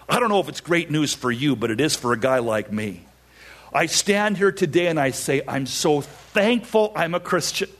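Man preaching with a lively high voice. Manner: emphatic preaching with repeated phrases. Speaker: pastor. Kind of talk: sermon.

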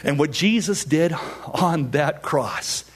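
A man's voice: a little high, animated, slow, husky. A middle-aged male pastor preaching a sermon, emphatic and repeating his phrases for weight.

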